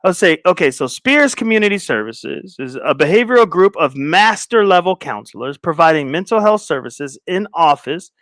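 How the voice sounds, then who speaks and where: A man's voice: a little high, animated, normal speed, few pauses, fairly bright tone, no room sound, studio quality. A man hosting a casual livestream, rambling and distracted as he talks to viewers in chat. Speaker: livestream host.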